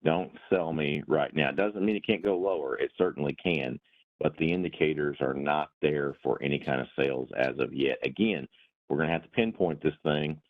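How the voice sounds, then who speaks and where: A man with a very low, deep voice explains trading indicators in a folksy, plain-spoken way, often repeating a word as he finds his footing. His voice comes through a thin, phone-like line. He uses homespun comparisons to make each point. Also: brisk. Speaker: meeting host. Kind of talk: webinar discussion.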